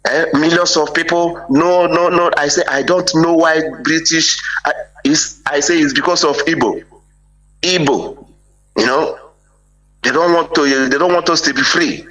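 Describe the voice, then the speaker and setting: A man's voice: on the high side, fairly even intonation, measured pace, a bit bright, low-quality recording. A man calling in to a live broadcast and speaking emphatically, often breaking off with "eh?" to press his point. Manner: emphatic, repeats "eh?" for agreement. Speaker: caller. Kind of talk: impassioned call-in speech.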